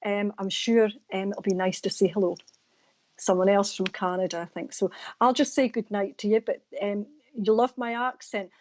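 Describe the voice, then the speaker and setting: A woman's voice: mid-range voice, steady tone, moderate pace, lo-fi sound, slight background noise. A Scottish woman with an East Coast accent, a psychic medium doing readings and chatting with viewers on a live stream. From Scotland. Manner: chatty, warm sign-offs to viewers.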